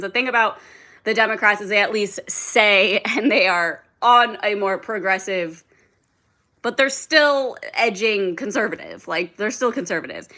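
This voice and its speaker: A young woman chats on a livestream in a bright, sharp voice. She rambles loosely, leans on "like" constantly and swears freely as she answers comments from her viewers. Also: mid-range voice. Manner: rambling, heavy filler "like", frequent swearing, reads and answers chat. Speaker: livestream host. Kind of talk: casual livestream chat.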